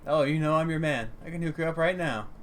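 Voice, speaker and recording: A man's voice: fairly high pitch, fast talker, a bit bright, soft background music, natural voice. A man voicing a sly, slightly menacing male street dealer with slick sales patter.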